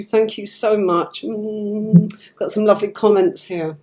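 This woman has a medium-pitched voice made hoarse by a cold, with fairly even intonation and a measured pace. She's hosting a live tarot stream, talking fondly to her audience as she deals with the software.

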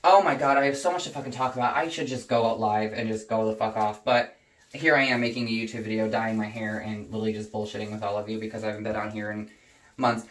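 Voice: medium pitch, fast, far from the mic. A young adult vlogger rants with heavy profanity and heated energy, sitting back from the microphone. The room lends a noticeable echo to the voice. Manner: profane, heated and animated ranting. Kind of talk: casual rant while dyeing hair. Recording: roomy echo, voice away from the mic.

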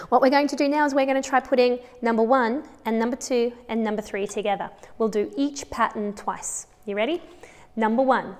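A woman's voice: fairly high pitch, big-room sound, a little hiss or hum. A woman with an Australian accent teaching a children's music lesson, counting patterns aloud and encouraging the class.

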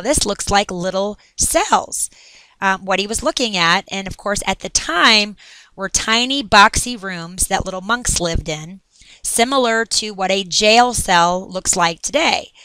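Woman teacher recording a lesson, upbeat and chatty, with a smooth, crisp voice. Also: mid-range voice, moderate pace, sharp tone, dry recording.

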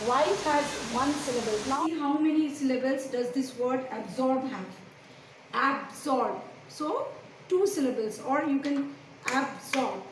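A woman teacher giving a slow, deliberate lesson to young pupils, asking them many questions. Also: sits high. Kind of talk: recorded classroom lesson. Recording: echoey room, distant mic, faint hiss.

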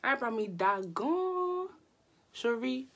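A woman's voice: sits high, sing-song, slow pace. A young woman, laughing often as she talks through a makeup tutorial in a casual vlog. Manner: giggly, mixes Yoruba and English. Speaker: vlogger.

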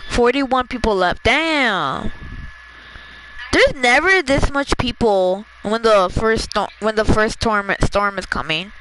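A chatty, excitable gamer talking through a match with a friend, laughing often and firing off quick directions. The voice has a bright, sharp edge to it. Mid-range pitch, with a faint hiss of noise underneath. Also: low-quality recording. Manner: coaches teammate with quick instructions. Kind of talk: casual gameplay chat.

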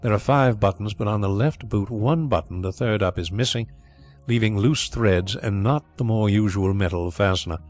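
A man's voice: lowish voice, moderate pace, a little mellow, soft background music, lightly acted. A man voicing a deferential, meticulous manservant in an audiobook, politely listing details. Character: deferential, precise male manservant.

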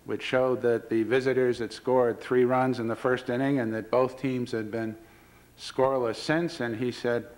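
A man's voice: medium pitch, little pitch movement, normal speed, darkish tone, low-quality recording. Storytelling man with dry wit. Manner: storytelling with dry wit, retelling quoted dialogue. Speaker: baseball commissioner giving a public talk. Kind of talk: humorous anecdotal speech.

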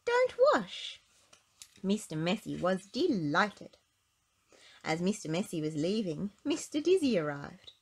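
A woman narrating a children's storybook with an expressive, sing-song delivery. Her pitch rolls up and down lively at a middle register. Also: measured pace, husky. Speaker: storybook reader. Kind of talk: children's read-aloud narration.

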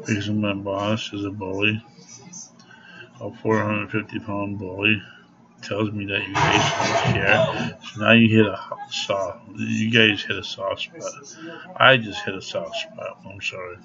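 A man's voice: on the low side, level tone, unhurried. A man ranting angrily to camera at home in a vlog, cursing freely and laughing through his anger. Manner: profane, angry ranting. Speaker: vlogger. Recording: dull lo-fi recording.

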